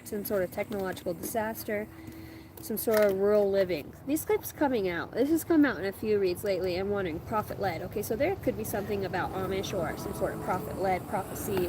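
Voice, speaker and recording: A woman giving a rambling live tarot reading outdoors on rural land, stopping to talk to her dogs. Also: medium pitch. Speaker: tarot reader. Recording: loud outdoor background noise.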